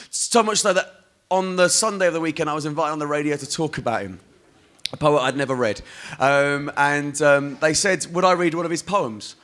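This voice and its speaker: A man's voice: a little high, a bit bright. A performance poet from Essex, a man reciting in a rhythmic, chanting way, then chatting in wry, rambling asides between poems. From Essex, England. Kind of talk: poetry reading and stage banter. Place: festival stage.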